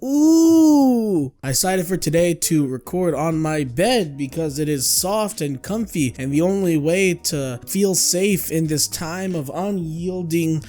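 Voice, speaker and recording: A man's voice: fairly high pitch, measured pace, hardly any pauses, a little mellow, soft background music. A young man from South Texas doing a sarcastic, exaggerated comedy vlog on his bed at home. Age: young adult. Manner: sarcastic, exaggerated, mocking put-on voices. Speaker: YouTuber.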